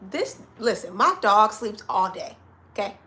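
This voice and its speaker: A woman's voice: mid-range voice, big pitch swings, a little slow, pushed and bright. A woman giving a casual collective tarot reading from home. She talks directly to her listeners and calls them honey and child. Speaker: tarot reader.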